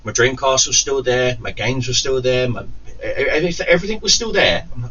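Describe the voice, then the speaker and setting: A man's voice: medium pitch, animated, normal speed, pushed and bright, husky. A man telling a long angry story, swearing constantly, stumbling and restarting, putting on raised voices for the people he quotes. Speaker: gaming YouTuber. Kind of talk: storytelling rant. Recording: distant muffled mic with faint hiss.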